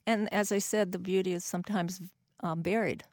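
A woman's voice: mid-range voice, steady tone, brisk, a little mellow, dry recording, studio quality. A woman guest on a radio talk show, an author and educator explaining her views earnestly.

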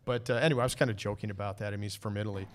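A man's voice: lowish voice, fairly even intonation, rapid-fire. A man hosting a podcast in a casual chat, telling stories with frequent laughs. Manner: chatty storyteller, laughs often. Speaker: podcast host.

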